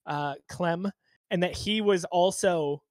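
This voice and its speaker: A man hosting a podcast in casual chat, thoughtful and halting, with frequent restarts. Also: high-pitched, no room sound. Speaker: podcast host.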